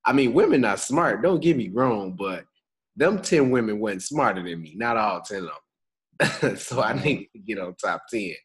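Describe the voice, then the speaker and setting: A man's voice: on the low side, expressive, normal speed, breathy edge, poor audio. A young man co-hosting a podcast in a casual, slangy, laid-back way, chuckling between thoughts. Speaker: podcast co-host.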